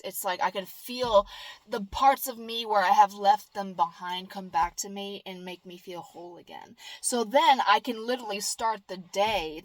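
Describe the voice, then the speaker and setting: A woman's voice: medium pitch, dry recording. A woman vlogger in casual chat, rambling and earnest, with lots of fillers and restarts. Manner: upbeat and earnest.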